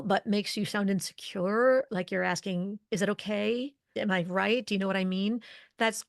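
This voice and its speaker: Woman, expert guest, mid-range voice, clear explanatory delivery, dry booth sound. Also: mid-range voice, no room sound. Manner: articulate, explanatory, lists points in quick series. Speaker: guest, leadership communication expert. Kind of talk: podcast interview.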